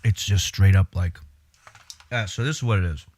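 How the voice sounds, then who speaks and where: Laid-back low-voiced male streamer. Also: normal speed, darkish tone, a little hiss or hum. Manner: laid-back, swears often, talks while eating. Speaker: livestreamer. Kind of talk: casual livestream chat.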